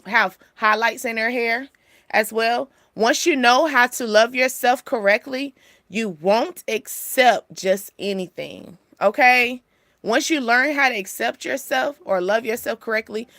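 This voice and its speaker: A young woman hosting a casual spiritual reading, chatty and animated, laughing often. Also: on the high side, dry recording, clean studio sound. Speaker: spiritual channel host giving a reading.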